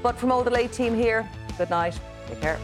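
An Irish woman hosting a late-night current affairs panel in a relaxed, chatty way. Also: on the high side, moderate pace, over music. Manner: relaxed, chatty, with frequent fillers.

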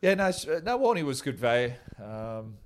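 A man's voice: medium pitch, big pitch swings, normal speed. A man, a former cricketer who tells rambling, chuckling stories about an old teammate in a casual interview.

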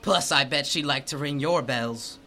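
A man doing a high breathy sleazy sidekick. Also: normal speed, bright, forceful tone, slight background noise. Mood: sleazy teasing. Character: sleazy pushy male buddy with a silly put-on accent. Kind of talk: comedic script read-through.

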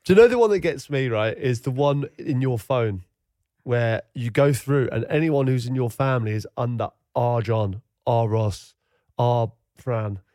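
A man's voice: mid-range voice, measured pace, warm tone, no echo, studio quality. Teasing man in casual podcast chat. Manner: teasing, laughs often. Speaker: podcast co-host.

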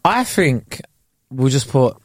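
A man's voice: medium pitch, very animated, slow, no room sound. A man with a London accent, co-hosting a podcast in casual chat, laid-back and slangy, often restarting his words. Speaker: podcast co-host.

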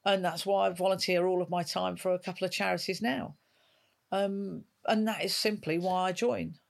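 A woman's voice: fairly low pitch, fairly even intonation, normal speed, vocal fry. A woman in her fifties, a retired police dog handler, telling stories in an interview and acting out the dialogue she quotes. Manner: vivid storyteller who acts out quoted dialogue. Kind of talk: emotional storytelling in an interview.

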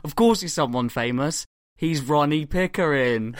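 A man's voice: on the high side, expressive, normal speed, hardly any pauses, clean tone, no room sound, clean studio sound. A young man hosting a podcast, animatedly telling a comic story full of swearing and acted-out quotes. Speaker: podcast host.

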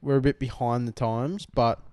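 Laid-back Australian guy, smooth voice. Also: mid-range voice, steady tone, moderate pace, a little mellow, no echo, clean studio sound. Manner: laid-back, swears a lot. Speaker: podcast co-host. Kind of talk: casual chat. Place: lounge room.

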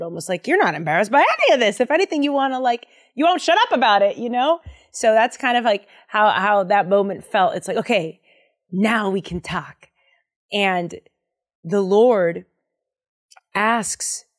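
Young woman doing casual bible study, chatty, says um a lot. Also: medium pitch. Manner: enthusiastic, chatty, many fillers.

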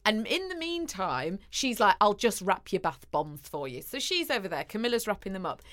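A woman co-hosting a relaxed chat, spinning a funny anecdote. Her pitch swings widely as she plays out other people's lines, and she breaks into laughter often. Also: moderate pace. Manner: chatty storyteller, laughs often, acts out dialogue. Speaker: podcast co-host. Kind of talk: casual chat.

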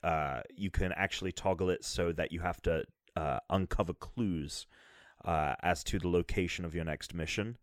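A man's voice: deep voice, moderate pace, no room sound, clean studio sound. A man talking casually about a video game, hesitant, with many fillers and restarts. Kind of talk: casual chat.

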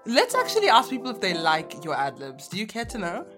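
A woman's voice: medium pitch, huge pitch swings, fairly quick, music in the background. A young adult woman hosting a casual podcast chat, blunt and teasing, laughing often. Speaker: podcast host.

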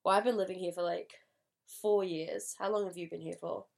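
A woman's voice: on the low side, fairly even intonation, a little fast, vocal fry, darkish tone. An Australian woman in her twenties or thirties hosts a casual podcast, talking earnestly and a little ranty. A cold has made her voice nasal, and the sound is dry and close, with no room echo. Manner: earnest, chatty, ranting. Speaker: podcast host.

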